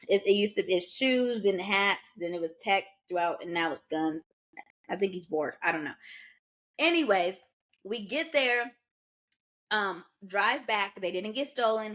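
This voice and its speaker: A young American woman co-hosting a podcast, telling a story in a lively, casual way with quoted asides. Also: mid-range voice. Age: young adult. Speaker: podcast co-host.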